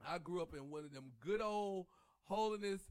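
Male host, high-pitched, lively and preachy, dry recording. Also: normal speed, smooth, dry recording. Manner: animated, preachy, sings church lines. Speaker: podcast host. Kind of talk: casual chat.

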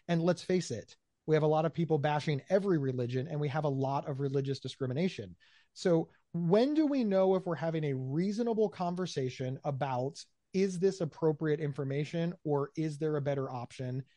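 A man answering interview questions in an animated way, often repeating his words as he talks. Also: on the high side, dry recording. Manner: animated, acts out quoted voices, repeats words. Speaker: guest, mental health speaker.

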